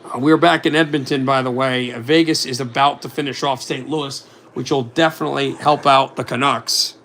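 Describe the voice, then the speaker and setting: A man calls a hockey game play-by-play for a fan simulcast, his voice carrying a gravelly edge. He talks in a quick, running stream of commentary and drops in updates on other scores. A faint hiss of noise sits under the recording. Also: medium pitch, fairly even intonation, a bit bright.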